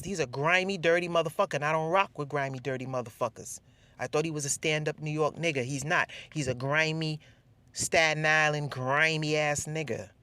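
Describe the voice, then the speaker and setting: A woman's voice: sits low, fairly bright tone, dry recording. Woman vlogger, dry close sound, swears freely, mocks and laughs through a casual rant. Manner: profane, mocking, laughing.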